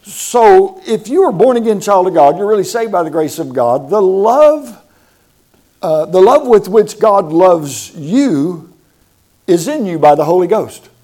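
A man's voice: high voice, big pitch swings, a little slow, mellow. A man preaching a sermon, emphatic and repeating words for stress, asking the congregation questions.

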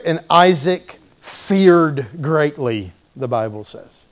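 A male preacher delivers a sermon in a church with an animated storytelling manner, acting out the people in the story. His voice sits high for a man, and he takes his time, drawing out his words slowly. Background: congregation calling out responses.

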